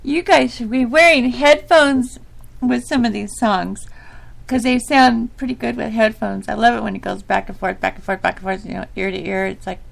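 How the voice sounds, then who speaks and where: A woman's voice: on the high side, steady tone, normal speed, vocal fry. A middle-aged woman hosting her own podcast, talking casually and rambling with a girlish, sometimes whiny voice and frequent laughs. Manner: rambling, laughs often, self-deprecating. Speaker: podcast host. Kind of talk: casual solo talk.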